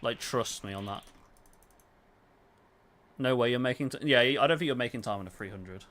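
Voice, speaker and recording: A man's voice: medium pitch, moderate pace, slight background noise. A young man streaming a game, chatting casually with his viewers, answering their questions and swearing now and then. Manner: relaxed, swears casually, answers chat while playing. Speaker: gaming livestreamer. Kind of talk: casual livestream chat.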